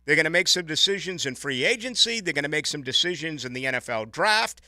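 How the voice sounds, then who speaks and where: Bright-voiced ranting radio host man. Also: fairly high pitch, quick pace, dry recording, studio quality. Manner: animated, ranting, opinionated. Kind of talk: casual radio chat. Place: radio studio. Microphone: studio microphone.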